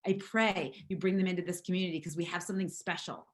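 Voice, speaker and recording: Hoarse, emphatic woman leading a team call. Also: fairly low pitch, steady tone, quick pace. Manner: emphatic, repetitive, preachy. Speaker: network marketing team leader.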